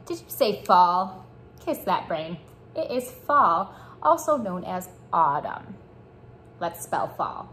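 A woman teaching young children a morning lesson, speaking slowly and encouraging them to repeat after her. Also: lowish voice, very animated, fairly bright tone, a little hiss or hum. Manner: slow, encouraging call-and-response teaching. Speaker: preschool teacher.

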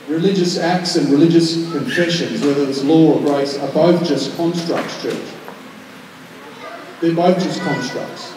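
Male pastor, high and mellow voice, conversational sermon, recorded from far off in a reverberant hall. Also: a little slow, background noise. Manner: conversational preaching, swings from quiet and intimate to loud and emphatic. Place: large church hall.

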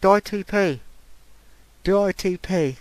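A man commentating his own game play, breaking into excitable, panicky outbursts and repeated pleading. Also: high-pitched, unhurried, dry recording. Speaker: gaming channel host. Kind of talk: Minecraft let's play commentary.

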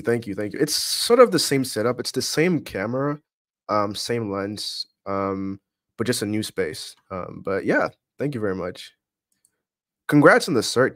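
A man hosting a casual live stream, greeting viewers by name from the chat in a relaxed, chatty way and laughing often. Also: on the low side, no room sound, clean studio sound. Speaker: livestream host greeting chat. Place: home streaming setup.

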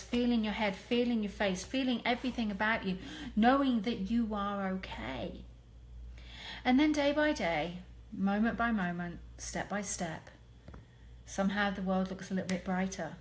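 An English woman giving an earnest, emphatic live talk to fans, blunt and candid, with some mild swearing. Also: fairly high pitch. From England. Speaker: medium and clairvoyant. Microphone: phone or webcam.

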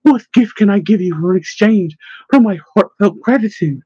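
A woman's voice: mid-range voice, lively intonation, normal speed, warm tone, husky, dry recording, voice pushed up. A man voicing a grateful nun who speaks in a fervent, prayerful way. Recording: slightly dull, dry recording.

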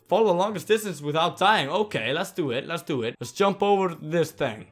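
Excitable sweary young Icelandic vlogger. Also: male voice, fairly high pitch, a little fast, hardly any pauses, soft background music. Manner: excitable, swears a lot, yells at the game. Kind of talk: storytime over gameplay commentary.

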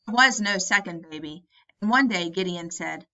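A woman narrating a story as an audiobook, in a measured, expressive reading. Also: fairly low pitch, lo-fi sound.

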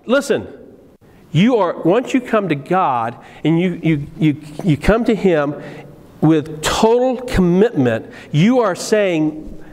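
A male pastor preaching a sermon in a church, telling stories in an animated, conversational way with many restarts. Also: high-pitched, slow. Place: church sanctuary. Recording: long reverb of a church hall.

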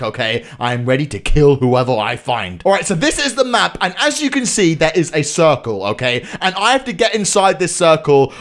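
Excitable young man with a lively voice. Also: mid-range voice. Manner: excitable, yells in triumph and panic. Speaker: gaming YouTuber. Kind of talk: let's-play commentary.

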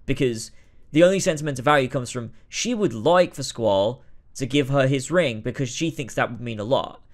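A man streaming a game, rambling commentary that breaks into shouting rants. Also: medium pitch, lively intonation, moderate pace. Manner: rambling, many restarts, bursts into shouting rants. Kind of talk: casual let's-play commentary.

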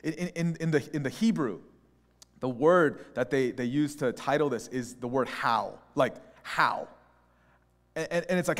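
A man preaching a conversational sermon as a pastor, telling stories in an animated, opinionated way. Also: medium pitch, measured pace. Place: church sanctuary. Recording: long church hall reverb.

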